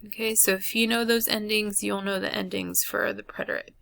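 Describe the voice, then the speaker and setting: A woman with a gravelly, medium-pitched voice teaches a Spanish grammar lesson recorded in class, walking students through a chart. She speaks slowly and flatly, with lots of ums and uhs, and the recording is dry.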